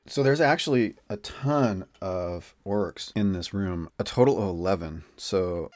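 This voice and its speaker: A man's voice: low voice, measured pace, darkish tone, dry recording. A man narrating a solo tabletop game as game master, casual and rambling.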